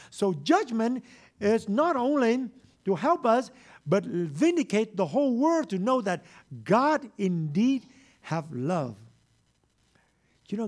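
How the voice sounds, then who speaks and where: Man, high voice, middle-aged preacher, broken grammar, impassioned. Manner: impassioned, shifts from hushed to loud exclaiming; broken grammar, frequent repeats. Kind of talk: sermon.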